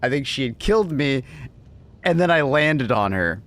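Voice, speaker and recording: A man's voice: medium pitch, sing-song, normal speed, a bit bright. A man hosting a livestream in casual chat, laughing often and swearing loosely as he reads messages.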